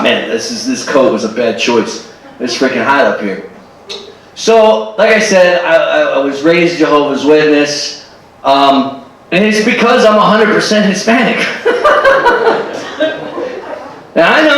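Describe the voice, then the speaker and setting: A man doing a stand-up comedy set, animated and throwing in character voices and Spanish phrases. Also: fairly high pitch, unhurried, long pauses, slight background noise. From Cuban family. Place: stage at a live show with audience. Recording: echoey room, distant live recording with crowd. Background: audience laughing.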